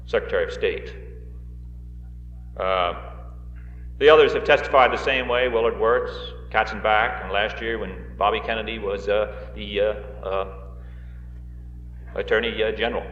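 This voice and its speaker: A rally's guest speaker talks to the audience in a large hall in a voice on the low side, with fairly even intonation, a moderate pace, long pauses and a fairly bright tone. The live political speech is folksy, full of joking asides and hesitant fillers, on a roomy, dull 1960s reel recording with a little hiss or hum.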